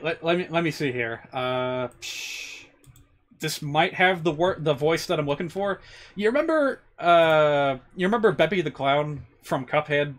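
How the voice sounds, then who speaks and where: A man streaming a video game, chatting in an excitable, rambling way with lots of asides. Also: a little high. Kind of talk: casual gaming commentary.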